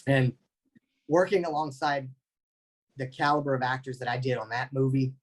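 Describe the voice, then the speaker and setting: A man, giving an animated storytelling talk as a guest speaker over a video call. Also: medium pitch, normal speed, low-quality recording. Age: 20s. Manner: animated, anecdotal.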